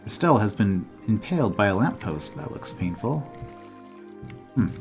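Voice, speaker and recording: A man's voice: lowish voice, big pitch swings, moderate pace. A man playing through a game, reading its dialogue aloud and adding wry, chatty asides in casual commentary. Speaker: game let's-player. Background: game music.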